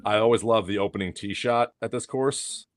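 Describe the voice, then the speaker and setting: A man's voice: lowish voice, normal speed, a little hiss or hum. A man co-hosting a casual golf podcast, arguing his points one by one. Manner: argumentative, makes his case in points. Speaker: podcast co-host. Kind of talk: casual sports chat.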